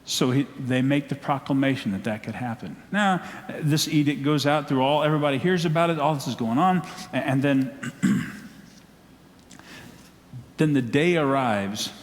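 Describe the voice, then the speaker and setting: A man with a Southern accent preaching a sermon, telling a story in an animated way and acting out the scenes. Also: medium pitch, normal speed. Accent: Southern American. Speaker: pastor. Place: church sanctuary. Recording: long church hall echo.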